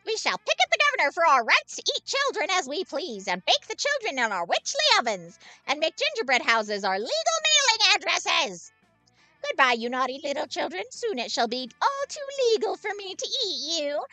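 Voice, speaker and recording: A cackling old witch, speaking in grandiose, archaic phrases with a high, swooping voice. She booms every line as if addressing a crowd, in a dry, close recording. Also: wildly swooping pitch, normal speed, pushed and bright, no room sound, soft background music, exaggerated voice. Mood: triumphant. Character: cackling old female child-eating witch.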